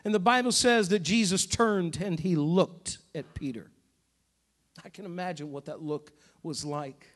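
A man's voice: sits high, unhurried, fairly bright tone. A man preaching a sermon as pastor, passionate and repetitive in his delivery.

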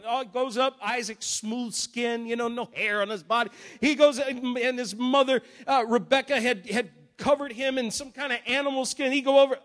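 A man preaching a sermon as a story, animated and swinging between loud and hushed. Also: very high-pitched, moderate pace, few pauses.

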